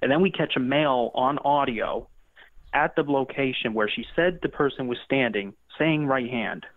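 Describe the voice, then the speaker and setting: A man's voice: mid-range voice, normal speed, dry recording. A man explaining his ghost-hunting experiments in loose, rambling talk full of restarts. His voice comes through a tinny, phone-like line with no room sound at all. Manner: rambling, many restarts and fillers. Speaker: paranormal investigator guest. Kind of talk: casual interview talk.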